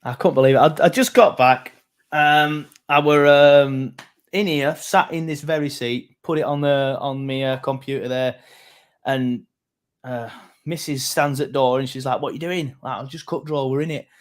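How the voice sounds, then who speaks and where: A man's voice: medium pitch, fairly even intonation, moderate pace. A man co-hosting a football podcast, telling rambling, self-mocking stories. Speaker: podcast co-host. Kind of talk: casual football chat.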